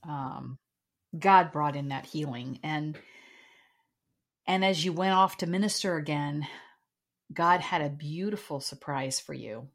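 A woman hosts an interview and gently prompts her guest with questions. Her voice sits low, and she sounds a bit far from the microphone. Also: measured pace, pauses often. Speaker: host.

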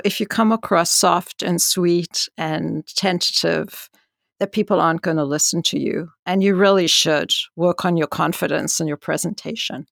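A woman's voice: on the low side, vocal fry, no room sound, studio quality. A woman scientist speaking frankly and emphatically in a conversational interview. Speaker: senior scientist.

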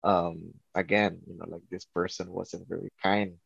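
A man's voice: low-pitched, flat delivery, moderate pace, gravelly. A man who works as a tattoo artist, guest on a podcast, telling a long story in a rambling way full of "you know, like". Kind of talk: casual storytelling. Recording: dull lo-fi.

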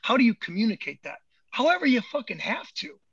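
A man's voice: very high voice, very animated, fast talker, creaky, a bit bright, husky, no room sound, lo-fi sound. A man who works as a movement coach, talking in a casual podcast chat, emphatic and profane and repeating words as he gets fired up.

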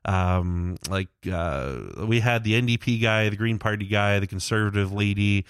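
A man's voice: lowish voice, normal speed, clear, resonant tone, no room sound. Guy rambling thru a story, swears a lot, dry mic. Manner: rambling, profane, many fillers. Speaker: podcast co-host. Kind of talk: casual storytelling chat.

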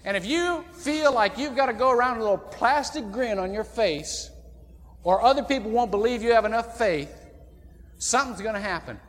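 A man from Indiana preaching a sermon as pastor, folksy and animated, with sudden loud outbursts. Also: extremely high pitch, normal speed. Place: church sanctuary. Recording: long church reverb.

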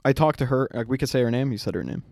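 A man's voice: medium pitch, animated, very fast, creaky, darkish tone. A young man co-hosting a podcast who tells a story in a casual, rambling way. He acts out the quotes and laughs often. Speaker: podcast co-host.

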